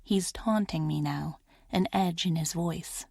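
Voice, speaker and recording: A woman narrating a first-person romance audiobook in a soft, measured, intimate manner. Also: on the low side, creaky, no room sound, clean studio sound.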